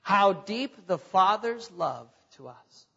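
A man preaches with a high, animated voice that swoops widely. He jokes and acts out mocking voices. The recording is dull and carries a long church reverb. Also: slow pace, creaky, breathy edge. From Texas. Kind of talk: sermon. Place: church sanctuary.

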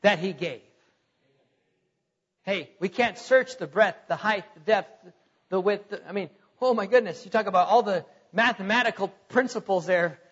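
A man preaching a sermon in a church, animated and jokey, acting out mocking voices. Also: sits high, moderate pace, slightly rough. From Texas. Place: church sanctuary. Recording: dull sound with long hall reverb.

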